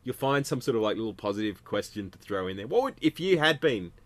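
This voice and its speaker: Man, casual sports chat, rambling wry teasing, lowish voice. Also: very animated, quick pace. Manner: wry, ribbing, rambling storyteller. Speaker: podcast co-host.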